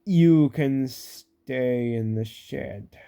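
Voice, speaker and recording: A man voicing a stern but kind railway boss in a storybook reading, brisk and authoritative. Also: mid-range voice, gravelly, dark tone, smooth. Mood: firm.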